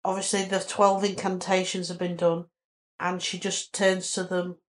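A woman co-hosting a casual book chat, retelling scenes in a chatty, animated way. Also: lowish voice, moderate pace. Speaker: podcast co-host.

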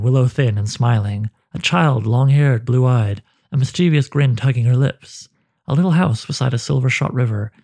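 Gravelly-voiced male storyteller. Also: medium pitch, dark tone. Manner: measured, dramatic delivery. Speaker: narrator. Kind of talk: dramatic storytelling narration.

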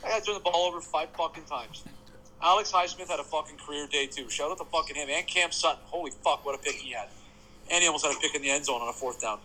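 A man in casual podcast chat, ranting excitably with constant swearing. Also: on the high side, quick pace, slight background noise, rough recording. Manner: heated, profane, excitable ranting. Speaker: podcast co-host, sports fan.

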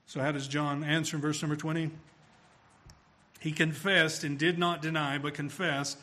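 Guy preaching a sermon, kinda high voice, gets loud and punchy when he hits a point. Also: flat delivery, normal speed. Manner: emphatic, swells louder on key phrases.

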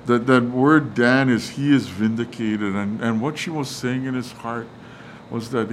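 Halting middle-pitched male preacher. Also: fairly even intonation, a little hiss or hum, poor audio. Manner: halting, many fillers and restarts; reads verses and acts out quotes casually. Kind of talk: sermon on Scripture.

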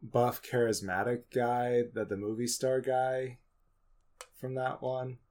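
A man co-hosting a movie review podcast, easygoing and upbeat, quick to poke fun at himself. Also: medium pitch, flat delivery, a little mellow. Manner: easygoing, upbeat, self-mocking. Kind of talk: casual chat.

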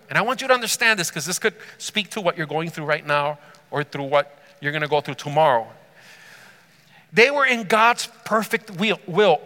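A man preaching with a high, bright and forceful voice. He tells the story with animated energy and keeps asking the congregation questions, and his words ring out with a long hall reverb. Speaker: pastor. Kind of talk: sermon.

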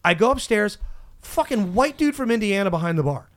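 A man hosting a podcast, telling a profane, animated story in casual chat and laughing mid-story. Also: high-pitched, brisk. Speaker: podcast host and stand-up comedian.

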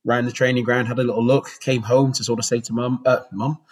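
He talks fast in a husky, medium-pitched, level voice: a Bristol man in his forties and former goalkeeper, telling rambling stories and often restarting during a casual interview. His accent is Bristol English, and the recording is low quality.

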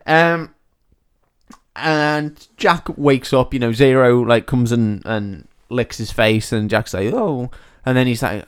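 Relaxed man retelling a film. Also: medium pitch, takes it slowly, clean tone. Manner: relaxed storyteller, retells scenes, many fillers. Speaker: podcast co-host. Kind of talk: casual film chat.

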